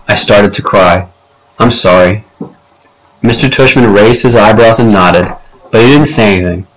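A male audiobook narrator with a low voice, reading at an unhurried, measured pace. His delivery stays even and steady through the telling. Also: low-quality recording.

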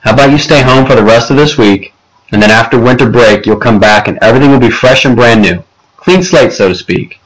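A man reading aloud, voicing a patient male school principal who speaks in a calm, measured, gently firm way. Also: medium pitch, lightly acted, low-quality recording. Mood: kindly.

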